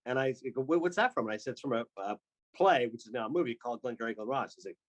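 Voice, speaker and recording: A man from Canada, a sports broadcaster, telling quick animated stories in a casual podcast chat. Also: mid-range voice, rough recording. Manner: fast, animated storyteller with quick asides.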